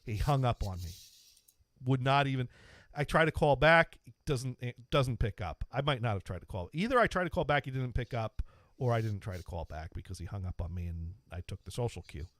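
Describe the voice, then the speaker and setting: A man in the host's chair spins a rambling, self-mocking story, tripping over his words and circling back to restart. His voice sits at an ordinary middle pitch. The sound is close and dry, with hardly any room. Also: animated, fairly quick, a bit bright, no room sound. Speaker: podcast host. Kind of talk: casual storytelling.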